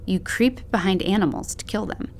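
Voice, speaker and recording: A woman's voice: mid-range voice, moderate pace, a little hiss or hum, close to an everyday voice. A woman voicing a nervous young woman who sounds tense while trying to keep her voice light. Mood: uneasy.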